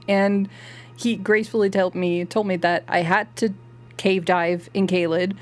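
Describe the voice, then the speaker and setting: A woman's voice: mid-range voice, steady tone, measured pace. A woman chatting animatedly while streaming a video game, swearing and laughing a lot. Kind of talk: live game stream chat.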